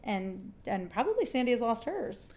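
A woman's voice: a little high, sing-song, normal speed, a little mellow. A woman co-hosting a podcast, casually retelling film scenes and saying "like" often. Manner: chatty retelling of scenes, frequent "like". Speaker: podcast co-host. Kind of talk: casual film recap chat.

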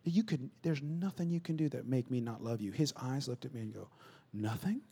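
A man preaching a conversational sermon, acting out little dialogues and swinging between loud bursts and hushed asides. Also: mid-range voice, fairly quick, creaky, a little hiss or hum. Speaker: pastor.

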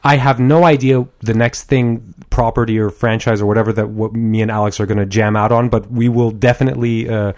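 A man's voice: on the low side, flat delivery, darkish tone. Upbeat casual man hosting a podcast. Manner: agreeable, chimes in often with quick yeahs. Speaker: podcast host.

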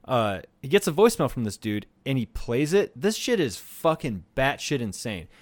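A man co-hosting a podcast, telling a story in a rambling, profane, animated way. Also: mid-range voice, normal speed, dry recording. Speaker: podcast co-host. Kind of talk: casual storytelling chat.

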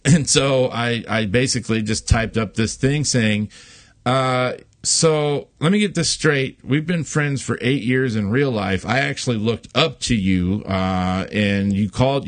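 A man's voice: medium pitch, dry recording. A man hosting a podcast, telling a long story in casual chat, rambling with many fillers and frequent swearing. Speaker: podcast host.

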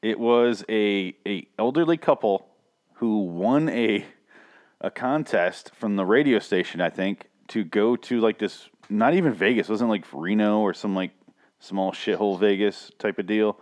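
A man with a lowish voice co-hosting a podcast. He talks in blunt, profane casual chat and acts out scenes with animated retellings. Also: a little slow. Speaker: podcast co-host.

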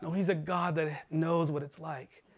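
High-voiced man preaching earnestly. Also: steady tone, unhurried. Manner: earnest preaching, voice dropping low and soft for emphasis. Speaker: pastor. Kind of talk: sermon. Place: church livestream.

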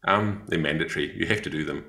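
A man's voice: rumbling low, fast talker, creaky, pushed and bright, roomy sound. A man with a New Zealand accent telling a story in a casual chat, rambling with many fillers and restarts. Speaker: podcast co-host, missionary.

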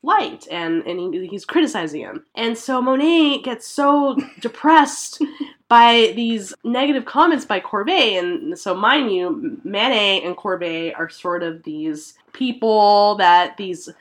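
A woman's voice: medium pitch, lively intonation, slow pace. A woman hosting a podcast, telling history in a chatty storytelling way with lots of fillers. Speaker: podcast host. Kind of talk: casual art history chat.

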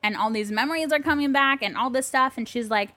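A woman's voice: high-pitched, quick pace, pushed and bright, no echo. A woman co-hosting a podcast in casual chat, telling a story with animation and acting out both sides of a phone call. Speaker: podcast co-host. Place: bedroom.

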